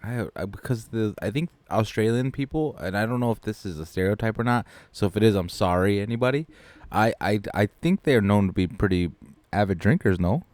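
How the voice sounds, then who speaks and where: A man with a low voice co-hosts a casual beer-tasting podcast. He is chatty, swears freely and laughs easily. The sound is dry and close to the mic. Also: brisk, darkish tone, no echo. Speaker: podcast co-host, producer.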